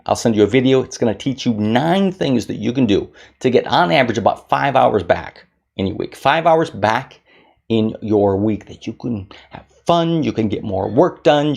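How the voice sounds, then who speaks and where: A man giving an upbeat motivational talk straight to camera, in the manner of a keynote speaker. His voice sits at a middle pitch with a gravelly edge, and he keeps it energetic, sliding into playful put-on voices to act out moods.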